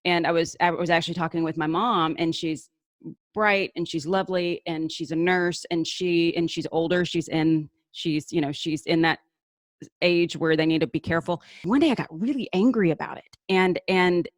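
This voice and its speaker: A woman's voice: on the low side, normal speed, no echo, clean studio sound. A woman hosting an interview show, talking casually and earnestly with many restarts. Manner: eager, restarts often, earnest. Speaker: show host.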